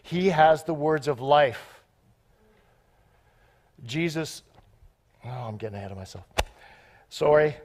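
A man preaches with excitable, off-the-cuff energy and breaks into banter with the people in front of him. His voice sits a little higher than most men's. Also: slow, pauses often. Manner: excitable, off-the-cuff, joking with the congregation. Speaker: guest preacher. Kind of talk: sermon.

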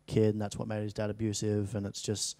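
In a dry studio with no room sound, a late-teen Australian actor rambles through a casual interview as a guest, restarting often and leaning on fillers. He talks briskly in a fairly low, dark voice with a totally flat delivery.

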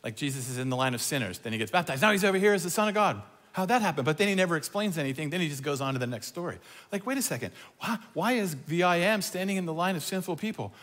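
A man preaching a sermon, emphatic and animated, swinging from booming declarations to hushed, slow lines. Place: church auditorium. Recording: long reverb of a large hall.

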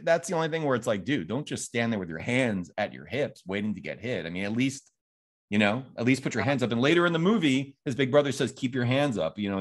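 A man hosting a podcast, chatting casually about a film and retelling its scenes in a rambling way. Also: mid-range voice. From Phoenix, Arizona. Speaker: podcast host. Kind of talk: casual film review chat.

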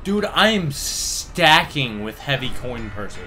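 A young man playing through a game with a friend, excitable, shouting and joking as he plays. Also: medium pitch, slow, faint music behind. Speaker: player on a gaming channel. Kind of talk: casual let's-play chat.

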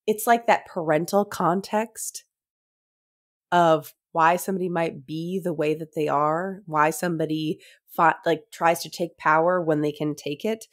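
A woman co-hosting a casual book discussion, thinking aloud with many fillers and trailing phrases. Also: on the low side. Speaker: podcast co-host.

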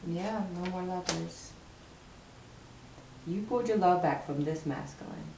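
A woman gives a casual tarot reading with emphatic, sassy flair, repeating her points for effect. Her voice sits a little low and sounds set back from the mic. The room around her echoes noticeably. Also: measured pace, gravelly, distant mic. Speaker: tarot card reader. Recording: roomy, from afar, faint hiss.

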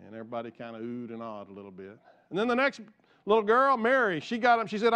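A man's voice: sits high, steady tone, fast, sharp tone, clear, resonant tone. A man pastor preaching a conversational sermon in church, repeating words as he goes and joking with the congregation.

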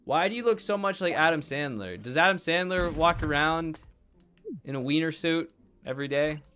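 A young man hosting a let's play, commenting in an excitable, jokey way with sudden yelps and shouts. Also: a little high, moderate pace. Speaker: gaming video host.

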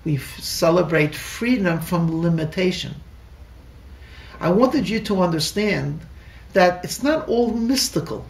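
Man doing a calm wise old rebbe, gravelly voice, kinda far from the mic. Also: high-pitched, unhurried, heavily acted. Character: wise elderly male rebbe, calm teacher. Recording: echoey room, distant mic.

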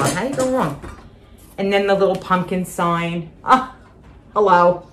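A woman's voice: lowish voice, unhurried, long pauses, a bit bright, slight background noise. An older woman chatting casually at home as she shows off her shopping haul, gushing and repeating herself with little laughs. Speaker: vlogger showing a shopping haul.

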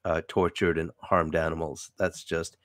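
Chatty New York host, dry sound. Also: male voice, sits low, normal speed, no room sound. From New York City. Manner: chatty, wry, animated sign-offs. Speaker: show host. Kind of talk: casual interview chat.

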